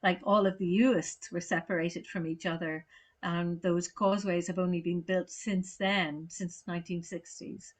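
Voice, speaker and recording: A woman speaking in a casual panel conversation, telling stories at a steady, reflective pace. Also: on the low side, normal speed.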